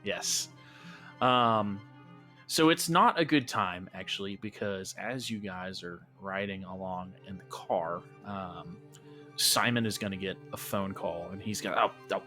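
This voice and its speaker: A man's voice: deep voice, a little slow, pushed and bright, soft background music. A man narrating as game master of a tabletop game, loose and rambling with many restarts.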